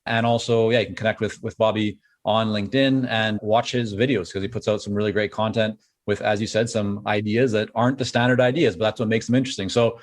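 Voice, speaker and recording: A man with a Canadian accent hosting a podcast interview, quick, friendly and joking. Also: on the low side, fairly even intonation. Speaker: podcast host.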